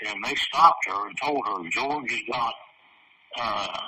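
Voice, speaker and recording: A man's voice: medium pitch, slow, pushed and bright. A man being interviewed, telling a long story in a rambling, profane way and chuckling at parts of it. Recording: distant, noisy recording.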